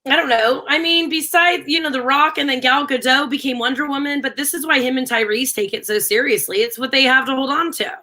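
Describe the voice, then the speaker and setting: Female co-host, bright and a touch high, chatty and giggly. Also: steady tone, a little fast, few pauses. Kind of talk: casual chat.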